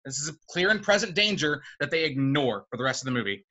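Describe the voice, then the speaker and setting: A man's voice: a little high, big pitch swings, fast talker, sharp tone, highs cut off. A man in a casual debate, sarcastic and swearing, mocking lines he dislikes. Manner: sarcastic, swears, mimics characters. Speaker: debater defending a film.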